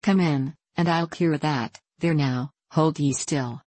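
Woman narrator as stout scolding housekeeper, rustic, low and dry. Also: slow pace, a little mellow, husky, no room sound, heavily acted. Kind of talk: audiobook reading.

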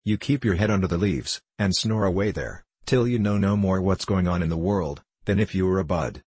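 A proud, quick-tempered talking tiger lily from a storybook, read by a man. It speaks in a haughty, bossy way, with a deep husky voice and a dry close sound. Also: darkish tone, no room sound. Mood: scolding. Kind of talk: audiobook reading.

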